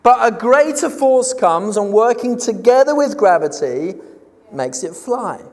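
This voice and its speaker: A man preaching a sermon, emphatic, posing rhetorical questions and slowing down on key words. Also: sits high, animated. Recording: long reverb of a large hall.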